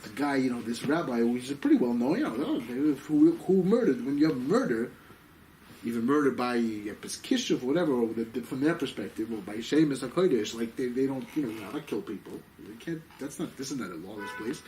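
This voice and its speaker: A rabbi leads an animated Torah class at a brisk pace, telling stories with excitement and sprinkling in Yiddish and Hebrew terms. He voices the people in them with sudden pitch jumps, heard through a distant mic with faint background noise.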